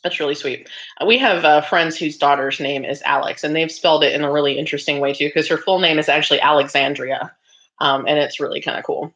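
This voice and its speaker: This livestream host is a woman whose deep voice is brisk, a bit bright, and fairly even in intonation. Running a relaxed craft stream, she reads out comments from viewers and responds chattily, laughing often and filling pauses with ums, all in slightly dull lo-fi sound.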